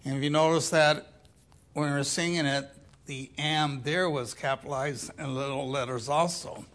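An older man preaching a sermon in a slow, deliberate way, dropping into quiet asides. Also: a little high, fairly even intonation.

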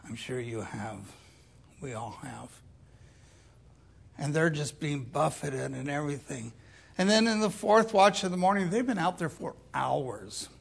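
An older man preaching a sermon in a slow, deliberate way, dropping into quiet asides. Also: fairly high pitch, gravelly, slightly rough.

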